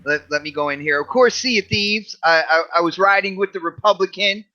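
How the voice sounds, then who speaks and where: A man with a high, bright voice joins a gaming podcast panel, rambling with stammers and jokes. His microphone sounds dull and lo-fi. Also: a little fast. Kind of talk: casual group chat on a gaming podcast.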